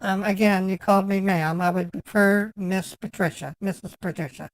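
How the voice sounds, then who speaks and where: A man's voice: high-pitched, fairly even intonation, moderate pace, dry recording, poor audio. A man doing a fussy, chatty lady caller. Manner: chatty, nitpicking, mock-flirtatious. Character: fussy, prim 36-year-old woman customer. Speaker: scambaiter. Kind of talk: prank phone call role-play.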